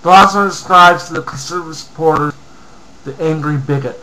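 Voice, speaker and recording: A man from Canada with a voice pitched a little high reads comments aloud into a computer mic and fires back in a heated, profane rant. His talk swings between muttered asides and angry outbursts. A faint hiss sits under the recording. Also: fairly even intonation, brisk, bright, forceful tone, low-quality recording. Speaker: vlogger. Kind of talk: ranting while reading online comments aloud.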